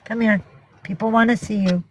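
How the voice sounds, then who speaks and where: A woman with a medium-pitched, steady, somewhat dark voice hosts a casual livestream from home, rambling and swearing as she greets viewers and coaxes her cats. The recording is rough, with a little hiss or hum.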